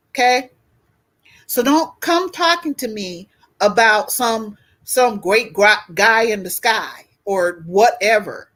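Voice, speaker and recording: A woman's voice: medium pitch, fairly bright tone. A woman in her fifties co-hosting a casual discussion, talking bluntly and profanely with a fired-up edge. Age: 50s. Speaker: podcast co-host.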